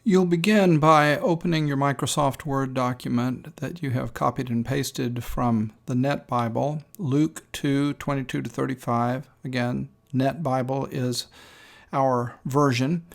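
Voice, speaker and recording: A man teaching a screen-recorded lesson, explaining step by step in a measured way with frequent ums and uhs. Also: medium pitch, steady tone, gravelly. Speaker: instructor.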